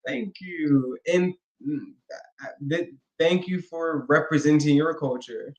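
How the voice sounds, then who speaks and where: A man's voice: fairly high pitch, slow pace. A man being interviewed as a guest wrestler, talking casually, earnest and enthusiastic. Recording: roomy echo.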